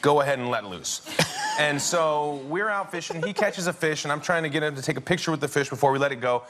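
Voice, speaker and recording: A man's voice: a little high, animated, quick pace, a bit bright. A man in his forties, a guest on a talk show, telling an anecdote with frequent laughter in casual chat. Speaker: guest, film actor. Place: television studio with audience. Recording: crowd and studio noise.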